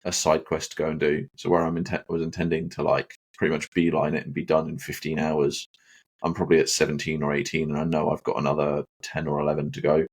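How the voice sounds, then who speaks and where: A man's voice: a bass voice, level tone, fast, breathy edge. A man co-hosting a casual gaming podcast, rambling with plenty of "like" and "sort of". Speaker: podcast co-host.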